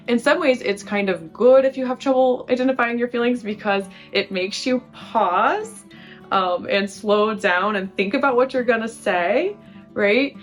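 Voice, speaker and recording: A woman's voice: mid-range voice, a bit bright. A woman hosting a relationship-advice video, explaining points conversationally to the camera and often asking rhetorical questions. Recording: faint guitar music behind.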